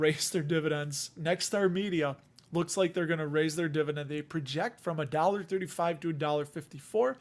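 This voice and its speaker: Chatty male livestream host. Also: a little high. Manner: chatty, self-deprecating, reads out lists. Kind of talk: casual livestream chat.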